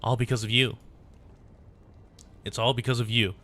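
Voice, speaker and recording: A man voicing a cold, vengeful woman warlord with fire powers, reading her lines slowly and bitterly. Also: medium pitch, little pitch movement, sharp tone, natural voice. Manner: slow, menacing and bitter.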